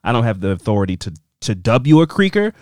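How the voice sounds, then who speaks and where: Young male podcast host, playful and lively, close dry mic. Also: medium pitch, quick pace, no room sound. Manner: animated, playful, jumps between loud and soft. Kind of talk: casual podcast monologue reading listener reviews.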